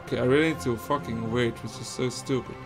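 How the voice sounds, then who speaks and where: A young Belgian man with Dutch as his first language, giving excitable, swear-heavy let's-play commentary with lots of laughing. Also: medium pitch, fast talker, soft background music. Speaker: gaming streamer.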